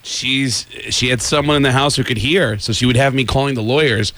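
Animated storytelling comedian, man. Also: mid-range voice, brisk, no room sound. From New York. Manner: animated storyteller who slips into voices. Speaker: comedian and impressionist guest. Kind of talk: casual interview chat.

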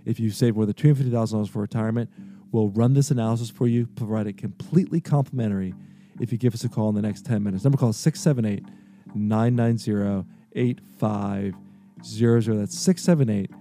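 A man hosting a radio finance show, persuasively pitching a free offer and repeating the phone number slowly. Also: warm tone, soft background music.

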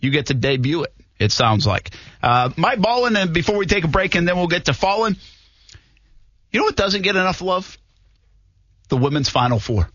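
A man hosting a sports radio show, relaxed and joking as he moves between segments. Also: high-pitched, normal speed, dry recording, lo-fi sound. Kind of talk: casual radio banter.

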